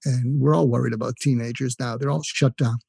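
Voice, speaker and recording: Older man, dark husky voice, earnest. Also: medium pitch, steady tone, fairly quick, no room sound. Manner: earnest, demonstrates phrases in a softer voice. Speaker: guest psychiatrist and coach. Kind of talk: conversational explaining with acted examples.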